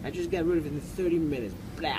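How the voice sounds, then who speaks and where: A man's voice: a little high, fast talker, mellow, poor audio. A man on a city sidewalk, aggressively taunting and swearing at someone in a heated street confrontation. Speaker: passerby confronting the filmmaker. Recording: street traffic noise behind.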